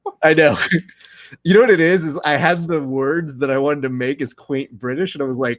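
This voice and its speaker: A man from the United States hosting a casual watch-along chat, earnest and quick to laugh. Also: a little high. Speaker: podcast host and grappling commentator.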